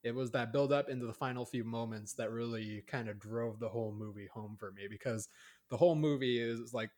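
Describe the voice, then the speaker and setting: A man's voice: medium pitch, a little fast, darkish tone. Rambling man chatting about a film. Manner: rambling, many fillers and restarts. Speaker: podcast co-host. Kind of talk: casual chat reviewing a horror film.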